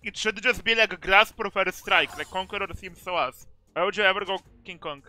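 A man's voice: sits high, a little fast, sharp tone, soft background music. A man streaming a video game, chatting casually with blunt, swearing rants about the match. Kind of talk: casual gaming commentary.

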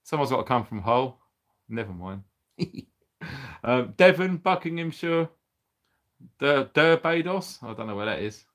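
A cheerful British man in middle age, chatting live to his viewers in a relaxed, rambling way. His voice sits at an ordinary pitch, easy and unforced, broken up by frequent laughs and exclamations. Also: measured pace, long pauses. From United Kingdom. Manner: chatty, upbeat, reading out viewer names; laughs often, exclaims blimey and bonkers. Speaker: livestream host. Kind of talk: casual livestream chat.

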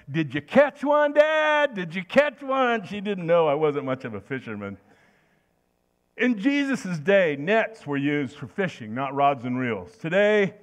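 A man's voice: fairly high pitch, fairly bright tone. An older man preaching a sermon in a folksy, anecdotal way, telling stories with frequent restarts.

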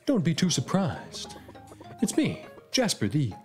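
A man's voice: fairly high pitch, wildly swooping pitch, measured pace, darkish tone, soft background music, pitched above the performer's own voice. A man voicing a showy, theatrical young male performer in a game, speaking in a grandiose, posing way.

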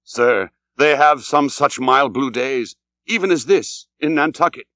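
A man voicing a loyal ship's first mate who pleads earnestly and slowly. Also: mid-range voice, expressive, bright, forceful tone, no echo. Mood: pleading.

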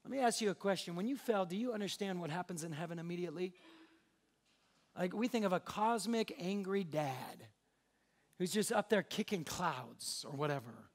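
A young adult man preaching with a high, light voice. His delivery is conversational and joking, and he slips into short acted-out exchanges to make his point before returning to the sermon. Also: moderate pace. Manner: conversational, joking, acts out little dialogues. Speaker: pastor.

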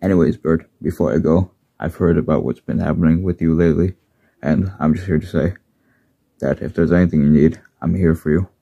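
A man doing a deep, supportive engine. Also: a little fast, vocal fry, husky, no echo, full character voice. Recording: dull lo-fi recording.

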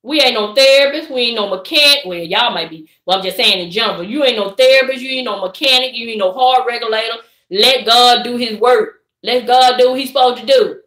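A middle-aged woman with a Southern accent, chatting live and preaching to her viewers in a lively, direct way. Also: on the high side, a little fast, hardly any pauses, echoey room. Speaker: vlogger. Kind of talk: casual live-stream chat.

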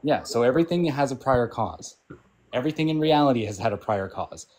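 Man, mid-pitched, patient explainer, noisy clicky call line. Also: expressive, a little fast. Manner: patient explaining, keeps asking "right?". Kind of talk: casual debate chat.

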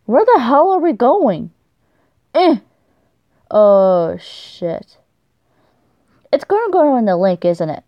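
A young woman commentating on her game play, excitable and swearing a lot, shrieking when startled. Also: sits high, normal speed, few pauses, no room sound, lo-fi sound. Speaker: gaming YouTuber.

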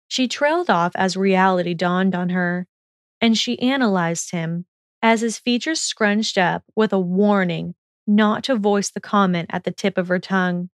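A woman narrating a fan fiction audiobook in steady, measured storytelling. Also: medium pitch, dry recording, studio quality.

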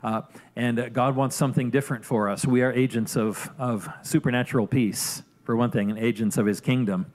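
A man preaching a sermon in a loose, conversational manner. His voice sits at a middle pitch, and he keeps checking in with his listeners as he goes. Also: fairly even intonation, a little fast, darkish tone. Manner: conversational, frequent "right?" asides and restarts. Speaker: pastor.

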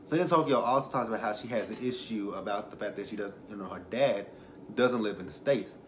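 Brief: young man, lowish voice, rambling, emotional reality-show recap, faint hiss behind. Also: fast talker. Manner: rambling, self-correcting, emotional. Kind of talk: casual commentary with personal stories.

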